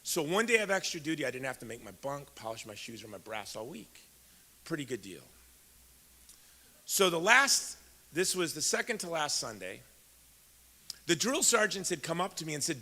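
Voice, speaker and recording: Pausing often, a man from Chicago in his fifties speaks at normal speed in a slightly high, sing-song voice with a sharp edge. He shares a personal story during a keynote, addressing the crowd conversationally in an echoey event hall.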